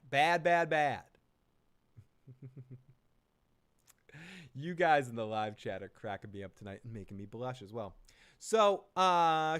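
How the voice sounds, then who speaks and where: A man hosts a live recap stream in a clear, smooth voice at a middling pitch. He chats casually, swears often and keeps the talk loose and joking. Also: a bit bright.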